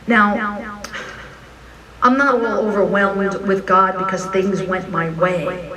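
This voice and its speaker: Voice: medium pitch, slow pace, long pauses, distant mic, a crowd in the background, rough recording. A minister giving a frank, joking, conversational sermon at a live church service. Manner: animated storytelling, frank and joking.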